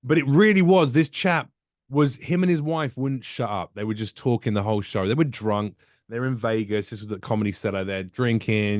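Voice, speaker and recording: A man's voice: medium pitch, fast, no room sound, studio quality. A man from the UK, a comedian telling jokey stories in a casual chat and acting out the people in them. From United Kingdom. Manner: animated, jokey, acts out voices in his stories. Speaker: comedian guest.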